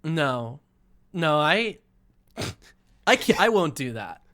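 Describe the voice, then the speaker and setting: A young man co-hosting a podcast, talking in a fairly high voice with a lot of rise and fall. He rambles, laughs often and trips over his own sentences in a loose, casual chat. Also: sing-song, slow, a bit bright. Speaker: podcast co-host.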